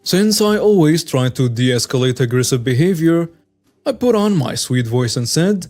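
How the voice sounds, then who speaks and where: A man with a somewhat high speaking voice reads a story aloud in a scripted narration style. His delivery is steady and even, with soft music playing quietly underneath. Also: normal speed.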